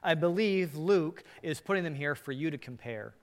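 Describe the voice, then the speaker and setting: A man preaching a sermon as pastor, shifting between animated, emphatic lines and hushed, earnest ones. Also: on the high side, moderate pace, in a large hall.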